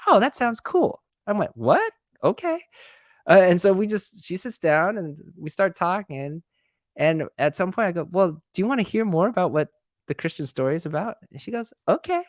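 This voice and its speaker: Brief: male guest speaker, casual and lively, voices the people in his story, dry close sound. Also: no echo. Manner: animated, acts out dialogue with pitch jumps; many fillers and restarts. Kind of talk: conversational webinar storytelling.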